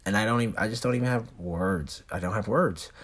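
A man's voice: fairly low pitch, brisk, slightly rough. A young man telling a rambling story in casual talk, slangy and full of swearing. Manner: heavy swearing, laid-back slangy rambling.

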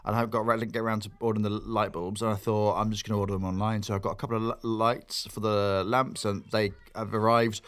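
A man's voice: on the low side, level tone, quick pace, few pauses, a bit bright, clean tone. Rambling man chatting on a podcast. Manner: rambling storytelling with restarts and laughs. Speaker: podcast co-host. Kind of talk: casual podcast chat.

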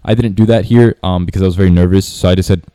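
A man's voice: low voice, fairly even intonation, racing, warm tone, clean tone, dry recording. A man giving a casual sales tutorial, rambling with many restarts and fillers. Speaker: sales coach. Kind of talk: casual talking-head tutorial.

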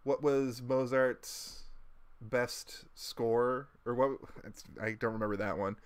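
A man's voice: mid-range voice, steady tone, slow, a crowd in the background. A man co-hosting a podcast, recapping a movie in casual chat, rambling with lots of fillers and restarts. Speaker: podcast co-host.

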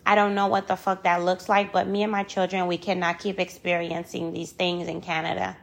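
A woman's voice: fairly low pitch, flat delivery, brisk, gravelly. A woman in a personal vlog monologue, angry and frustrated, talking with passion, repeating phrases for emphasis and swearing freely. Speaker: vlogger.

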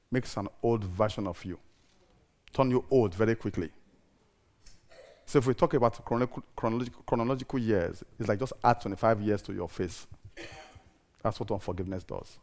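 A preacher man in his fifties delivers a sermon in a church. He repeats key phrases and calls on the congregation to answer back. His delivery builds to loud emphasis and then drops low again. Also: brisk, pauses often. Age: 50s.

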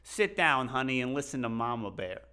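A man's voice: mid-range voice, big pitch swings, moderate pace, bright, forceful tone, clean tone. A man doing an impression of a brash, sassy middle-aged woman politician who talks down to people. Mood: scolding.

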